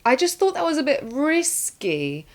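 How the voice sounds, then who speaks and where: A woman co-hosting a casual film review podcast, playfully skeptical and quick to laugh. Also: high voice, big pitch swings. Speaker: podcast co-host.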